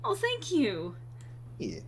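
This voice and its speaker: A woman streamer chatting casually over gameplay, reading chat aloud, frank and quick to swear. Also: high voice, wildly swooping pitch, gravelly, a little hiss or hum.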